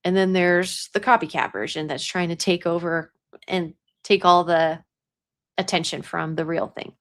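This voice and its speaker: A woman's voice: fairly low pitch, fairly even intonation, normal speed, a bit bright. A young adult woman who works as a psychic medium, talking casually about spiritual matters, chatty, laughing often and dropping into a whisper at times. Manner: chatty, laughs often, drops into whispers while telling a story.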